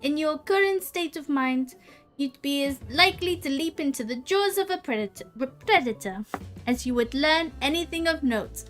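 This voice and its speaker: Calm wise sorceress lady, woman putting her on while reading a game, slow measured formal lines, a bit lower than her own voice, faint music behind. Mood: composed. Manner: measured, formal, old-fashioned phrasing. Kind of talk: reading game dialogue aloud.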